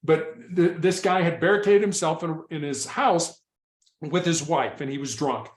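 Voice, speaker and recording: A man with a fairly high voice tells stories from his old work. He speaks earnestly and often stumbles into restarts. The room around him has a noticeable echo. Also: normal speed. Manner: repeats and restarts words, earnest. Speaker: former SWAT hostage negotiator, guest. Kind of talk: casual interview storytelling.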